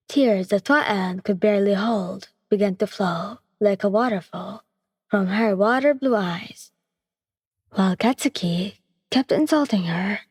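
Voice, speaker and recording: A woman narrating a scripted story in a steady, plain reading manner. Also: mid-range voice, a little slow, studio quality. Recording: breathy voice with long reverb.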